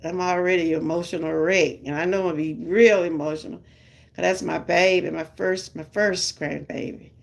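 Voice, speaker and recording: A woman's voice: fairly low pitch, steady tone, normal speed, gravelly. An older woman with a Southern US accent, chatting casually with her live viewers and laughing often. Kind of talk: casual live-stream chat.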